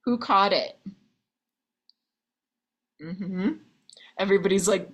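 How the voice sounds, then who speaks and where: Slow-talking woman love coach. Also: medium pitch, lively intonation. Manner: chatty, sprinkles in "okay?" and "like"; addresses listeners as ladies, honey, babe. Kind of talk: coaching talk to viewers.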